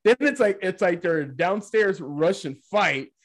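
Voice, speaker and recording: Male podcast co-host, slightly high voice, rambling casual chat, keeps tossing in "right?". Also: measured pace. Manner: rambling, animated, frequent "right?" asides.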